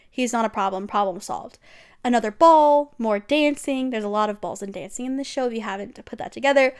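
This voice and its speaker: A young woman vlogger giving an animated, gushing recap of a TV series, full of slang and swearing. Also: fairly high pitch, clean tone. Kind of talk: casual, chatty recap.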